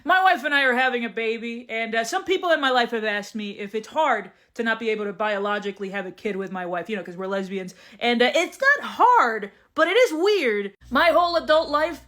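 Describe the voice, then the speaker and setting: A woman comedian performing sketches and stand-up with dry, deadpan comebacks. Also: a little high, a little fast, few pauses.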